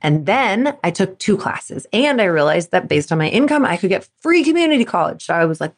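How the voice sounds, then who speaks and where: Speaking briskly with big swings in pitch and hardly a pause, this mid-range female voice belongs to a podcast host and performance coach in her thirties. Alone at the mic, she addresses sports parents frankly and acts out her younger self in quotes.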